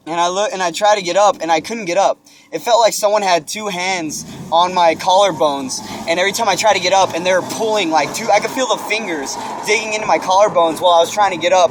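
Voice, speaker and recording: A young man casually telling friends an animated story, swearing and acting out his own shouts. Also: sits high. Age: young adult. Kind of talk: casual chat.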